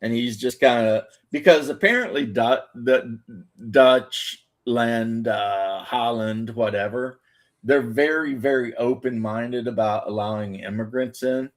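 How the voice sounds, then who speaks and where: A man's voice: medium pitch, a little slow. A man chatting casually on a video call, rambling and hesitating as he talks. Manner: rambling, hesitant, with many fillers. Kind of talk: casual chat.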